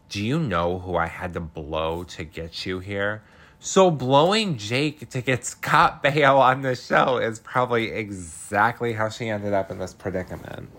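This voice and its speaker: A man with a lowish voice recaps a film at an unhurried pace. He is chatty and laughs often, swearing freely and filling pauses with "um.". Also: creaky, pushed and bright.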